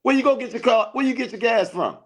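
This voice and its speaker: A man's voice: very high-pitched, quick pace. A man with a Baltimore accent co-hosting a podcast, insistently repeating his point in a casual debate. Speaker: podcast co-host.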